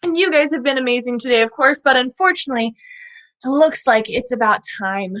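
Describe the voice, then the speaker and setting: A woman hosting a live children's animal show, animated and asking young viewers questions as she presents a lizard. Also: sits high, fairly quick.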